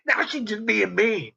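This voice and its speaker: A man's voice: very high-pitched, vocal fry, bright, forceful tone, husky. A man in casual chat who keeps breaking into laughter, with a crude, profane manner. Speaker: podcast host. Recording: dull lo-fi recording.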